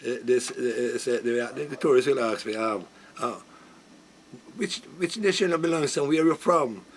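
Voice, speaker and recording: A man from Jamaica, telling a story in an interview, halting with fillers and laughing. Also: mid-range voice, slight background noise.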